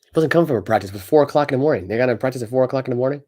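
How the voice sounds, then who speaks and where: A man co-hosting a casual sports podcast, ranting with animated energy and stumbling as he reads news aloud. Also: medium pitch, racing. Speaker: podcast co-host.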